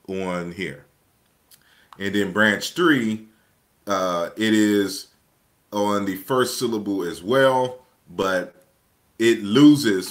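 Male lecturer, low voice, unhurried delivery, explains slides step by step with many pauses. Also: fairly bright tone. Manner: measured, explanatory, with frequent pauses and restarts. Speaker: lecturer presenting his book.

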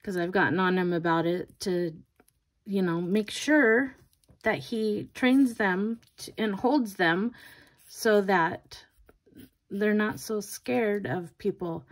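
Grandmother nail vlogger, slow chatty storyteller, mid-pitched, casual. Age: older. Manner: rambling storyteller, laughs often, many restarts. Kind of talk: casual chat while doing nails.

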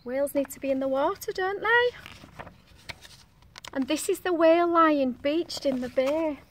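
A woman's voice: high voice, a little slow, slight background noise. A woman reading a picture book aloud to young children in a sing-song voice, stopping to ask them questions.

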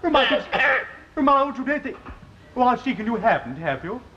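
An actor playing a timid, dithering young chaplain who is anxious to please, in a 1960s studio sitcom on a muffled old recording with hiss. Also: male voice, extremely high pitch, sing-song, brisk. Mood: fretful.

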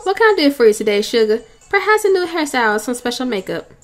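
A sugary poodle salon stylist, put on by a woman gushes in a put-on accent and a high, lifted voice, calling everyone sugar. She sells her makeovers with polished, salesy politeness over faint game music. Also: sing-song, fast.

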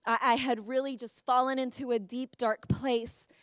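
A woman's voice: a little high, level tone, moderate pace, fairly bright tone, no echo, clean studio sound. A woman pastor preaching a sermon, telling a personal story with rising passion. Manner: impassioned storytelling, rising to emotional peaks. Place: church.

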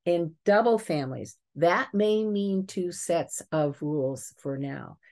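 Low-voiced woman teaching with stories. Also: slow pace. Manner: lively storytelling, chuckles at examples. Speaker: family psychologist teaching a webinar. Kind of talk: webinar lecture with case stories.

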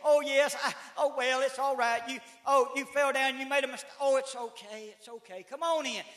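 A man's voice: extremely high pitch, fairly even intonation, normal speed, fairly bright tone. A man voicing a doting, soothing mother, cooing reassurance to her child. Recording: echoey church room.

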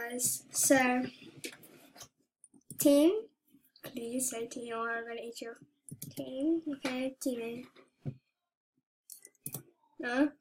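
A young woman giving soft-spoken, anxious commentary as she plays a video game. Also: high-pitched, steady tone, very slow, long pauses, slight background noise. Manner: soft-spoken, often hushed, anxious chatter. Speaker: gaming YouTuber. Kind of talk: casual gameplay commentary.

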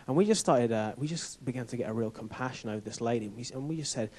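A man's voice: medium pitch, fast, hardly any pauses, husky. Earnest man telling a story in church. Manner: earnest, animated, informal. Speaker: church healing trainer. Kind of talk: conversational storytelling talk. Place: church building.

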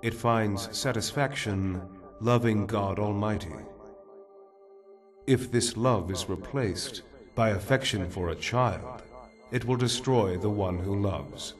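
An actor playing a calm religious counselor speaking in a solemn, measured way. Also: male voice, lowish voice, over music.

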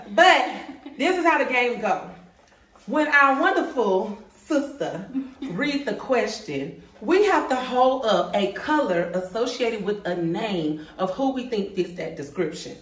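A woman's voice: fairly high pitch, normal speed. A woman in her thirties hosting a vlog, chatting casually and laughing with friends. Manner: lively, laughing, Southern-tinged slang. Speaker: vlog host. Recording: echoey room, mic far off.

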